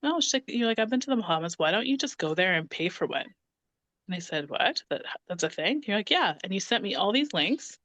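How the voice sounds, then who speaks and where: Woman in her 30s, lively storyteller, plays out the dialogue, dry close sound. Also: mid-range voice, a little fast, no room sound. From Canada (Ontario). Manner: animated, acts out quoted dialogue. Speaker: podcast guest. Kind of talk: casual storytelling conversation.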